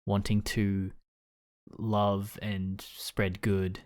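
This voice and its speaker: Lower-voiced guy on a tv podcast, lots of ums, casual. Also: completely flat delivery, very slow, a little mellow. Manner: hesitant, searching for words. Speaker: podcast co-host. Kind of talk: casual chat.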